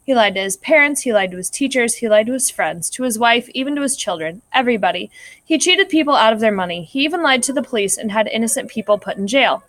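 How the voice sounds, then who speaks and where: A woman's voice: on the high side, expressive, fast, fairly bright tone, no echo. A woman voicing a dutiful male clerk of a heavenly court, reporting sins in a matter-of-fact way in a read-aloud story.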